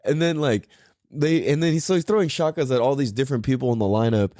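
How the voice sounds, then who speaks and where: A man's voice: mid-range voice, fast talker, mellow, no room sound, studio quality. A young man hosting a podcast in a casual monologue, full of surfer slang, swearing and "like" and "dude". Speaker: podcast host.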